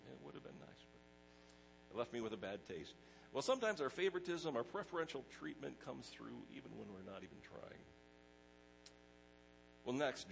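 A middle-aged pastor preaching a sermon in a conversational way, mixing personal stories with scripture. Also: male voice, mid-range voice, creaky, a little hiss or hum, low-quality recording.

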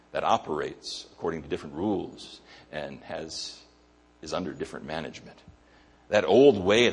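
Male pastor, low husky voice, emphatic sermon delivery with repeated lines. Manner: emphatic preaching with repeated phrases.

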